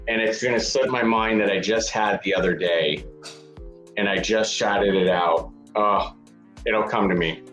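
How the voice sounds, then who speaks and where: A man's voice: on the low side, measured pace, a bit bright, roomy sound, soft background music. A man appearing as a podcast guest, chatting casually and often rambling and interrupting himself. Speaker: guest, food company founder.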